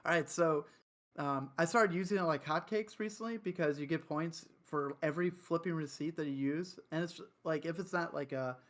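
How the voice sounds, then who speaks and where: Higher-pitched Chicago man, chatty. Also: normal speed, a bit bright. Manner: chatty, laughs often. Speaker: podcast co-host. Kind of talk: casual chat.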